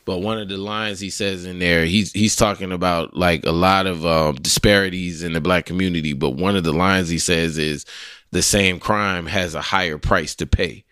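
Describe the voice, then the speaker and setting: Deep man, casual podcast co-host, loose and joking, dry mic. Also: steady tone, normal speed, a bit bright, clean tone, dry recording. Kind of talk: casual chat.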